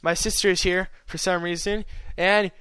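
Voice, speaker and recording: A man's voice: high-pitched, little pitch movement, normal speed, sharp tone, clean tone. A young man, an audiobook reader, chatting casually in a meandering author's note full of fillers and restarts.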